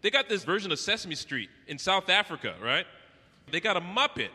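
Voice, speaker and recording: With a high, very animated voice that's sharp and a bit breathy, a Canadian man rattles through a brash, profane stand-up set at fairly quick speed, acting out voices. The live venue is an echoey hall with faint noise.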